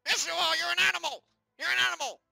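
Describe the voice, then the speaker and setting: Ranting mad-scientist villain, very gravelly, harsh bright tone, stammering, boastful. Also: extremely high pitch, racing, soft background music, voice pushed up, full character voice. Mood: furious. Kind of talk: comic plush game-play voice acting.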